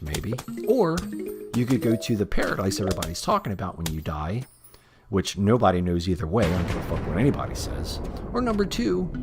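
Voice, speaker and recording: A middle-aged man hosting his own gaming channel, rambling through casual gameplay commentary with profane, deadpan sarcasm. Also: on the low side. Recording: loud music behind the voice.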